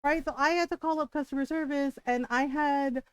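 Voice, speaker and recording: Woman, game streamer, casual chat at home, animated storytelling, swears freely, high voice, dry close sound. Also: brisk, no room sound. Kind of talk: casual chat while gaming.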